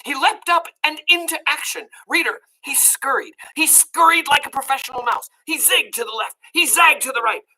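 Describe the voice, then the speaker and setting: A woman reading a children's book aloud, pausing to explain words to young listeners. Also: sits high, bright, forceful tone, slight background noise.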